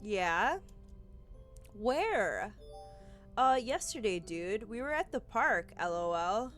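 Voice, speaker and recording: Woman reading a laid-back dude student in a game, offhand and slangy, a little louder than her own voice. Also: medium pitch, big pitch swings, slow pace, soft background music.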